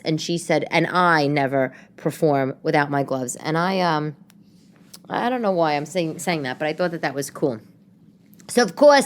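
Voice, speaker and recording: A chatty woman tells stories at home in a loose, rambling way, trailing off into side comments. Her voice sits a little low for a woman. She talks casually, like she is chatting with a friend in her living room. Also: fairly bright tone. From New York. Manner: chatty, rambling, self-interrupting with quick asides. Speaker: podcast host. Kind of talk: casual storytelling monologue.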